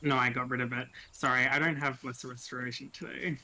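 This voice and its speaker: A man's voice: mid-range voice, little pitch movement, quick pace, sharp tone, poor audio. A man playing a tabletop game, chatty and chuckling as he narrates his character's actions. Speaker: player. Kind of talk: casual tabletop play.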